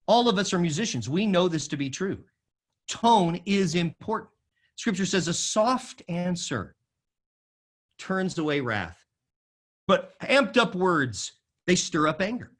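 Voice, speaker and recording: A man giving a sermon-style talk to a live audience, emphatic, at times dropping to a soft low voice and leading the audience in repeating phrases. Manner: emphatic, varies loudness widely, drops to a soft low voice for quoted lines. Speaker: speaker at a school of music forum.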